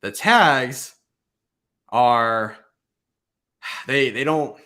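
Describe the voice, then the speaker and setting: A man talking through tips in a loose, rambling way, with lots of "like" and restarts. His voice sits at an ordinary middle pitch. It sounds like an unscripted chat between friends. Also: very slow. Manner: rambling, filler-heavy, animated. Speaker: YouTube host giving channel advice. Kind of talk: casual chat.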